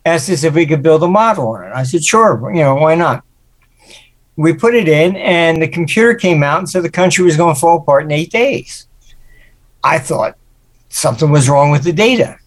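This older male guest, a market forecaster, spins anecdotes in an interview, casually shifting into quoted voices that he performs. His voice sits on the high side. He sounds animated and speaks at a moderate pace.

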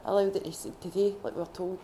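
A Scottish woman at a faith retreat, sharing her personal testimony in a heartfelt, halting way with many restarts. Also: on the low side, flat delivery, mellow, slight background noise. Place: retreat gathering room.

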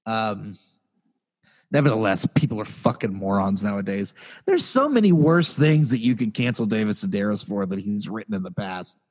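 A man's voice: fairly low pitch, very animated, moderate pace, darkish tone. A man co-hosting a podcast in casual chat, rambling, swearing and trailing off mid-sentence. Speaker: podcast co-host.

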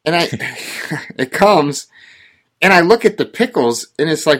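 A man's voice: a little high, expressive, unhurried, a bit bright. A man from rural Oregon, co-hosting a casual chat and telling a ranting story with growing exasperation. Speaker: podcast co-host.

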